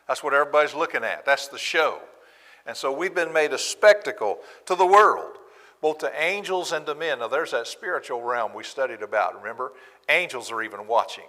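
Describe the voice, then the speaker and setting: A man preaching a Bible class sermon in a church, talking in an animated way and acting out quotes with sarcasm. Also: mid-range voice, brisk, big-room sound.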